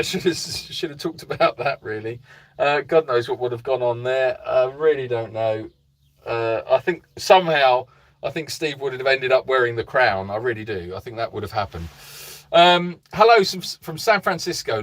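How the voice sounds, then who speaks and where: A man's voice: mid-range voice, moderate pace, a bit bright. Chatty man greeting live viewers. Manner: reads viewer comments aloud and greets them by name; chatty, meandering, with fillers. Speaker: animal sanctuary host. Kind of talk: casual live-stream chat. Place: narrow boat.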